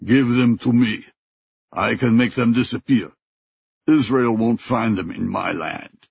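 A man's voice: mid-range voice, measured pace, vocal fry, darkish tone, slightly rough, dry recording. A man voicing a ruthless male general with a southern African accent, blunt and threatening, in an audiobook. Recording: dull lo-fi recording.

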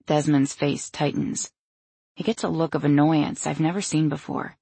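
Woman reading an audiobook in first person, gravelly husky voice, wry and anxious. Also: deep voice, steady tone, moderate pace, warm tone, no room sound. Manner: wry, anxious inner monologue. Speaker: audiobook narrator.

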